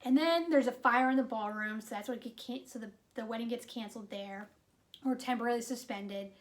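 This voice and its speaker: A woman with a slightly high voice talks briskly through a casual, chatty movie review. She retells the plot with animated, exasperated asides and says "like" a lot.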